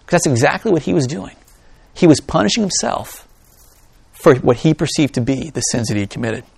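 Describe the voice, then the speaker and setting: A man's voice: a little high, brisk, gravelly, breathy edge, no room sound. A man preaching a sermon, reading scripture aloud and then talking to his congregation with asides and jokes. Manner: reads scripture aloud, then talks to the congregation in an animated, joking way. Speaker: pastor.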